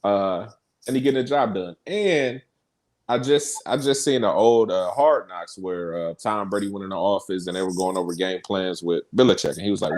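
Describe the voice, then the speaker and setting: A man co-hosting a casual podcast, chatting about sports and news in an animated, storytelling way and quoting others. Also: low voice, normal speed. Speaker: podcast co-host. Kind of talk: casual chat and sports talk.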